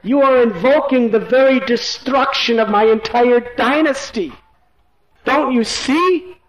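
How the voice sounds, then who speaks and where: A man voicing an anguished old king who begs and pleads, his voice climbing high in distress. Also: a little slow, fairly bright tone, echoey room, rough recording. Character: anguished old king, grief-stricken, begging.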